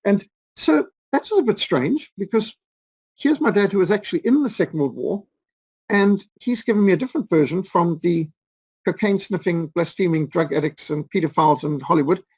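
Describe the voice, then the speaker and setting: Guy in his 50s, raspy gravelly voice, rambles through stories in an interview. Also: high voice, expressive, a little fast, a little mellow, dry recording, low-quality recording. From Rhodesia. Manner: rambling, anecdotal, with frequent fillers and restarts. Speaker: interview guest. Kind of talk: storytelling in an interview.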